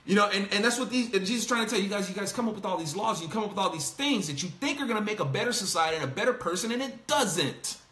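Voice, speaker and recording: A man hosting a casual Bible discussion, talking in an animated way, laughing and acting out the quotes he reads. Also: high-pitched, racing, few pauses, roomy sound. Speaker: host.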